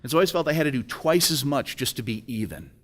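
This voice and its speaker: A man's voice: medium pitch, animated, fast. A middle-aged man giving an emotional personal testimony at a breakfast event, telling a story and acting out the dialogue. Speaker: speaker at a business breakfast. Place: event hall.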